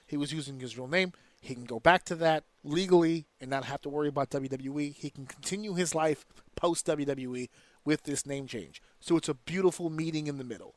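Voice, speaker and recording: A man hosting a casual podcast, ranting in an animated, profane way. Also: on the high side, dry recording. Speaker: podcast host.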